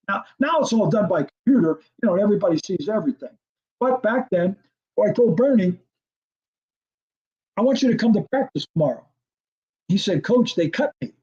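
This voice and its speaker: High-voiced older man telling a story. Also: highs cut off. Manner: animated storyteller, acts out quoted dialogue, laughs often. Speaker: guest, former football coordinator. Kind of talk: storytelling in an interview.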